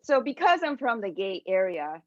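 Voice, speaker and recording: A woman's voice: medium pitch, big pitch swings, normal speed, darkish tone, no echo, muffled recording. A woman doing stand-up comedy over a video call, talking in a chatty, rambling way with lots of fillers. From Connecticut, US.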